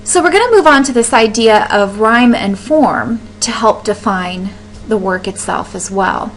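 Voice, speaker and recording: A woman's voice: a little high, expressive, measured pace, slight background noise, rough recording. A woman teaching a recorded lecture over slides, explaining step by step, often asking a question and then answering it herself, with frequent ums and restarts.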